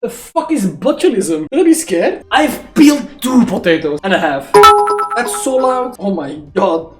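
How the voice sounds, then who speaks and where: Young man, streamer, excitable, swearing, loud outbursts, echoey kitchen. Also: high-pitched, a little slow. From Belgium. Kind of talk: live-stream chat while cooking. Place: home kitchen. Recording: echoey kitchen with faint music.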